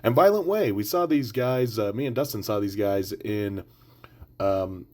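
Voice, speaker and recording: Laid-back, profane podcast host. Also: male voice, fairly low pitch, expressive, measured pace, a little mellow. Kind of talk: casual show-roundup chat.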